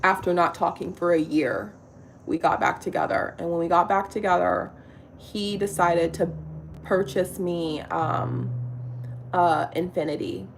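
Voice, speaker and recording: A woman in her thirties chatting casually on camera, retelling a story in an animated, exasperated way, quoting what people said. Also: lowish voice, unhurried, vocal fry, slight background noise. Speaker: vlogger.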